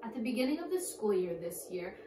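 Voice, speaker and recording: A woman's voice: mid-range voice, big pitch swings, quick pace. A woman teaching a children's church lesson, upbeat and speaking simply to kids. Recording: echoey room, distant mic, background noise.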